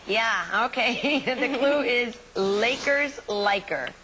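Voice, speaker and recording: A woman's voice: a little high, expressive, slow pace, pushed and bright, slight background noise, poor audio. A woman hosting a TV game show, chatty and upbeat, laughing easily and stressing words in a sing-song way.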